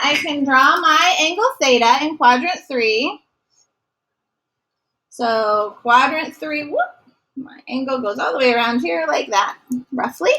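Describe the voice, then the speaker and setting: Bright high-voiced woman teaching math. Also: slight background noise, low-quality recording. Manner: asks questions and answers them herself, praising. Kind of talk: recorded classroom math lesson.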